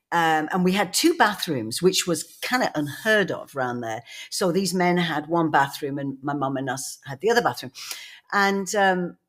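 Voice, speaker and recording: A chatty woman co-hosting a podcast, wandering through long anecdotes with frequent laughs. Her voice sits fairly low for a woman. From England. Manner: rambling anecdotes, laughing, many restarts and "you know". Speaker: podcast co-host. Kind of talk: casual storytelling chat.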